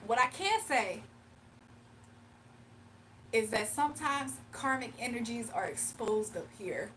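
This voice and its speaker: A woman's voice: on the high side, recorded from a distance, slight background noise, rough recording. A young woman with a Southern accent, chatting casually on a livestream as she reads out comments and laughs often. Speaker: livestreamer and spiritual reader. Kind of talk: casual livestream chat, reading comments aloud. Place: home room.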